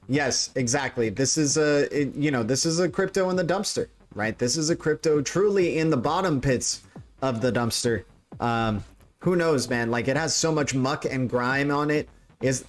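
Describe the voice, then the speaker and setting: Man host, casual joking livestream banter, mid pitch, faint music behind. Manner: joking, rambling, many restarts. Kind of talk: casual crypto livestream chat.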